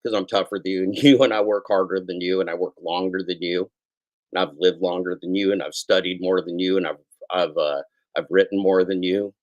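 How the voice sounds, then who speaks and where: Speaking fairly quickly in a low, steady tone, this middle-aged man hosts a podcast where he mocks the news with crude, profane comedy. His voice sounds scratchy and tired from doing shows every day, and the recording is muffled.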